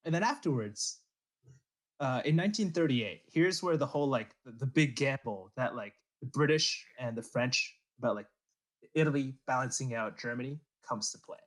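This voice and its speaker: A man's voice: medium pitch, moderate pace. A man hosting a casual history podcast, telling the story with jokes and laughing along. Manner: lively storytelling with comic character voices and laughs. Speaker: podcast host narrating history.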